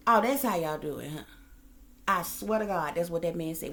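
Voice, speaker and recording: A woman's voice: lowish voice, lively intonation, brisk, a bit bright. A woman host telling a story to her viewers in a casual, heated rant, profane and emphatic. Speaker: psychic reader and channel host.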